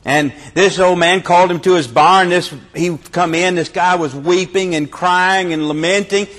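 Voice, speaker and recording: A man preaching a sermon with fervour, his delivery swinging between loud and hushed. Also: sits high, steady tone, normal speed.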